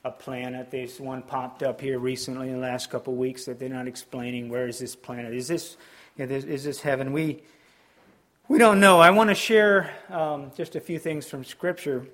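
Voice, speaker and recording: A middle-aged man preaching a sermon, pausing often with ums and restarts as he explains scripture. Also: medium pitch, steady tone, fairly bright tone. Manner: halting, with frequent ums and restarts. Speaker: pastor.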